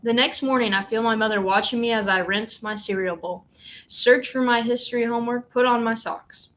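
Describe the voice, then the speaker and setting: A woman's voice: fairly high pitch, a little fast, fairly bright tone. A woman reading chapters of a novel aloud, with brief plain asides between them. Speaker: reader and commentator.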